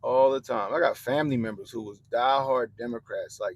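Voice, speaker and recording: A young man hosting a livestream, ranting bluntly and profanely about politics to his chat in animated slang. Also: mid-range voice, fairly quick, low-quality recording. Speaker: livestream host.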